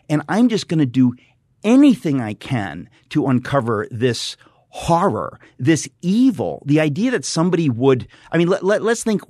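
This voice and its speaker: A man's voice: on the high side, a little mellow, no room sound. A middle-aged man speaking as a guest in a radio studio, fervent and emphatic, often repeating and restarting phrases. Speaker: guest author and radio host. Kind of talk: impassioned studio conversation.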